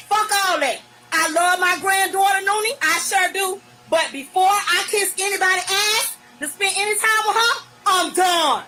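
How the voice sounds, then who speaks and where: A middle-aged woman from Virginia with a Virginia accent, ranting profanely and bluntly into her phone on a live stream, often breaking into shouting. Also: extremely high pitch, normal speed, noisy background. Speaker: livestreamer. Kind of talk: angry live-stream rant.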